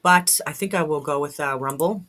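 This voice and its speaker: A woman's voice: low voice, normal speed, a bit bright. A woman vlogger at home giving blunt, fired-up commentary, swearing and rambling with restarts. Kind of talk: casual commentary to camera. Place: at home in a log house.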